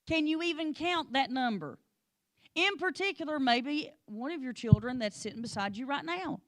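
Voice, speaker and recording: A woman teaching a Bible lesson, telling the story with lively energy and calling on class members by name. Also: high voice, moderate pace. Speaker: Sunday school teacher.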